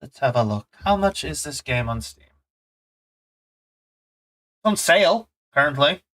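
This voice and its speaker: A man streaming a relaxed game, chatting in a rambling, playful, self-mocking way. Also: on the high side, measured pace, poor audio. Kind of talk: casual gameplay commentary.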